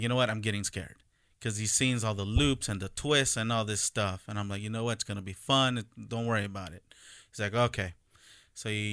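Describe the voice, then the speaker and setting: Bright, clear-voiced man telling a story. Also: lowish voice, no echo, studio quality. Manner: animated storyteller, acts out quotes. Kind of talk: casual chat.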